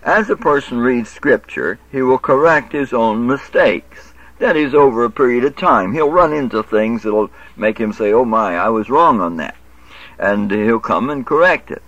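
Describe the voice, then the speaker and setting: This Bible lecture comes from a preacher with a mid-range, fairly bright voice, lively intonation, and a normal speaking speed. He reads verses aloud, explains them instructively, and corrects himself along the way, captured in dry, dull lo-fi audio.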